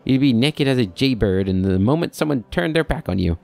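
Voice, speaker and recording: A man's voice: medium pitch, animated, brisk, gravelly, a little mellow, no echo, pitched above the performer's own voice. A man voicing a rambling, nostalgic old male keeper who chatters in a folksy, reminiscing way.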